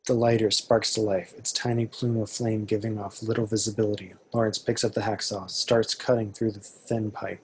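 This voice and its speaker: A man reading the stage directions at an amateur table read, steady and matter-of-fact. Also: on the low side, a little hiss or hum.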